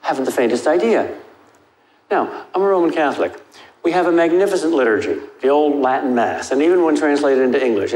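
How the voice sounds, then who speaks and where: Older man lecturing wryly in a hall. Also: darkish tone. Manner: emphatic, wry, rises in pitch for stress. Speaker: lecturer answering audience questions. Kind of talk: Q&A after a lecture. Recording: echoey hall with faint noise.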